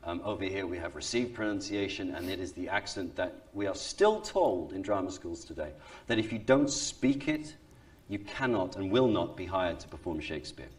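A man, an actor, speaks in a low voice with an easy, animated manner. He laughs often. The mic sits at some distance from him. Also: moderate pace. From Wales. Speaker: Shakespearean actor. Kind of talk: recorded talk on accents.

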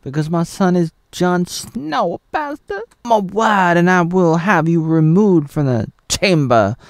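A haughty queen speaks in stiff, imperious courtly phrasing, put on by a man doing an impression. Her voice sits higher than a man's usual talk. The sound is dry and close. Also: lively intonation, slow, dry recording, full character voice. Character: haughty scheming queen, adult woman.

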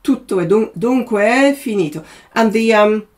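A woman's voice: a little high, animated, a little mellow. Woman coaching opera singers. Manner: probing, talks in quick bursts, hums and sings snippets. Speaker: vocal coach.

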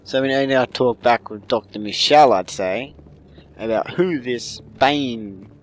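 A man's voice: mid-range voice, a little slow. A man giving casual commentary over his game, rambling, swearing and joking to himself. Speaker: gamer playing through a story game.

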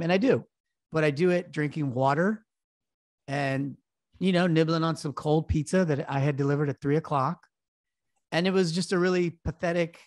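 Animated man telling a sports story. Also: fairly high pitch, no room sound, studio quality. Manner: animated storytelling, self-deprecating. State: recovering from illness. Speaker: podcast co-host. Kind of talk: casual sports betting chat.

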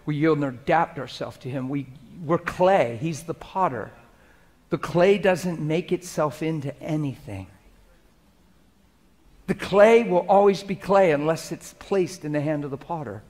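High-voiced man preaching a passionate sermon. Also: measured pace. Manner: swings between loud urgent preaching and hushed intimate prayer.

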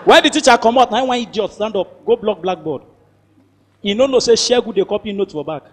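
Casting: young Nigerian man, Nigerian accent, very high bouncy voice, comic storyteller, echoey hall. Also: brisk. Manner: animated, switching into character voices and laughing. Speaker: comedian narrator.

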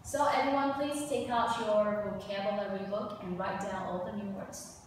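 A woman English teacher, drilling a class through vocabulary with slow, repeated loud prompts. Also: medium pitch, steady tone. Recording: echoey classroom, distant mic, loud noise.

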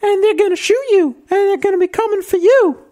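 A man voicing a frightened Southern-belle wife in a high falsetto with a put-on Southern accent. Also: a little fast, dark tone. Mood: fearful.

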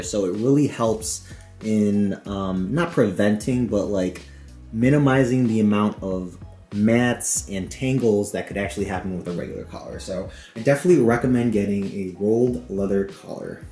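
A young man talking casually to camera in a relaxed, chatty vlog, with faint music behind him. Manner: relaxed, chatty, talks to his dog in a high excited voice. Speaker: vlogger and dog owner.

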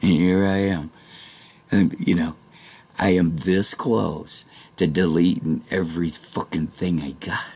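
A man vlogging a rambling monologue to his viewers, swinging from low muttering to angry shouting and swearing often. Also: steady tone, a little slow, breathy edge.

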